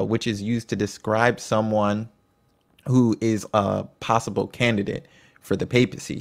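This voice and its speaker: A man's voice: fairly low pitch, creaky. A man presenting a casual lesson on church history, talking conversationally with asides and personal anecdotes. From United States. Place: home in Virginia.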